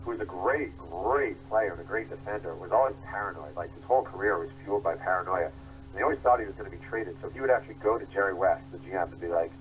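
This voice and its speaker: Low-voiced man telling lively stories. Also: quick pace, poor audio. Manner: animated storyteller acting out quotes. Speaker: author guest. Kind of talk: interview storytelling.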